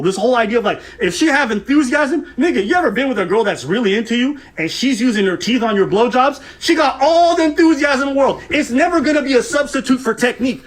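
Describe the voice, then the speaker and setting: Fast, mocking man reacting on a show. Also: very high-pitched. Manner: animated, mocking, profane, laughs at his targets. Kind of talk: heated reaction commentary.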